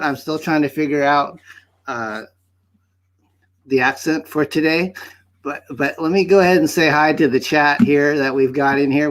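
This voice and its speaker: Man doing a rambling bizarro host in a made-up accent, slightly high voice. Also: lightly acted. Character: goofy mustached bizarro alter-ego male host. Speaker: livestream host. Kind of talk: hosting an open-mic livestream. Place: home studio set.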